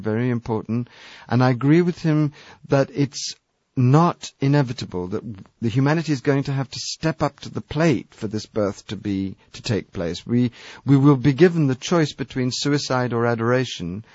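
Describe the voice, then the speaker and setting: A man's voice: mid-range voice, darkish tone, no echo. Man, radio guest, earnest and emphatic, dry muffled studio sound. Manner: earnest, emphatic, repeats phrases for stress. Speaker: guest speaker on spirituality. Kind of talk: impassioned spiritual talk.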